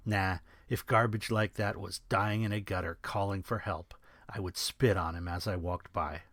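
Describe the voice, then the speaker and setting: A man's voice: deep voice, fairly even intonation, normal speed, no echo. A man, the author, reading his own novel as first-person audiobook narration with a dry, sardonic manner, recorded on a studio microphone.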